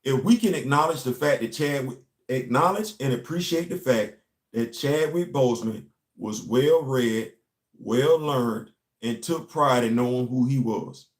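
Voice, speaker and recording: This young American host speaks in a medium-pitched voice and takes his time. His monologue, captured in an echoey room, is impassioned, emphatic and preachy, and he keeps repeating his key lines.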